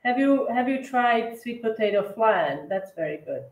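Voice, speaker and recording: A woman hosts a cookie decorating livestream, chatting casually with plenty of fillers and self-corrections. Her voice is fairly high with lively intonation at a normal speed. The room is echoey.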